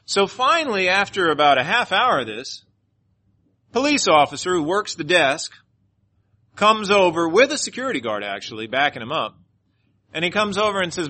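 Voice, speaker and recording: A male pastor preaching, telling a story in an animated way and leading a closing prayer. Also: high voice, normal speed. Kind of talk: sermon with personal storytelling.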